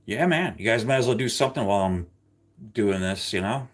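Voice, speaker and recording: A man hosting a livestream, chatting casually with viewers and reading their comments out loud. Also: lowish voice, lively intonation, a little fast. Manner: chatty, rambling, ranting. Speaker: livestream host.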